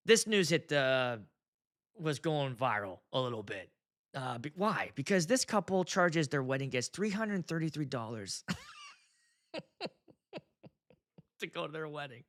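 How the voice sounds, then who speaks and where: A man's voice: on the high side, big pitch swings, a little slow, long pauses, fairly bright tone. A man in his thirties, a wedding DJ, talking in a blunt, profane, casual monologue. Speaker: wedding DJ and video host.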